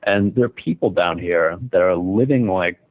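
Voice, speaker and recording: Low-voiced man on a tinny phone line. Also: normal speed, no room sound. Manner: laid-back, short agreeing replies. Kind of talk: casual chat.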